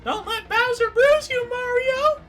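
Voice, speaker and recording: A man voicing a young princess in peril in a high falsetto, crying out to the hero. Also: measured pace, music in the background. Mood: urgent.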